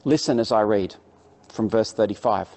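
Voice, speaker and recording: A man's voice: on the low side, moderate pace, dark tone. Man preaching a sermon. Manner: reads scripture aloud with emphasis, then explains it. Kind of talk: sermon with Bible reading.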